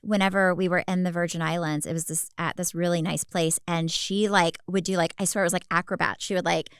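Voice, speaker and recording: A woman's voice: on the low side, steady tone, fairly quick, clear, resonant tone, dry recording, studio quality. A woman co-hosting a podcast, chatting casually, rambling through asides and laughing often. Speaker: podcast co-host. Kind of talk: casual chat.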